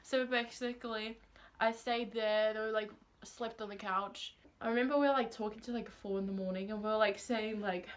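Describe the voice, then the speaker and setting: A woman's voice: medium pitch, steady tone, brisk. A teenage girl from New Zealand with a Kiwi accent, telling a storytime vlog in a chatty way and filling it with "like". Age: teens. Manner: chatty, says "like" constantly, acts out quotes. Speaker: vlogger. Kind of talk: casual storytime.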